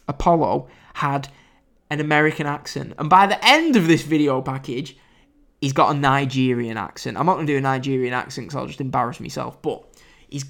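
A man's voice: on the high side, gravelly, a bit bright. A British man with an English accent, hosting a casual solo wrestling review podcast, chatty and wry with frequent fillers and restarts. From United Kingdom.

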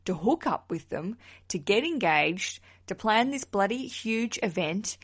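Outspoken woman podcaster. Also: fairly high pitch. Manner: outspoken, swears freely, laughs often. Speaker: wedding podcast host. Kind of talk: casual solo podcast chat.

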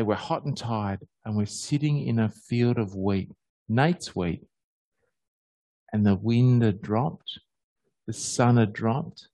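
An Australian man preaching in a relaxed, storytelling way, his voice leaping upward whenever he gets excited. The recording is dry and close, with no room sound. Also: no echo. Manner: animated storyteller, pitch jumping high on happy moments. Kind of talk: conversational sermon with personal stories.

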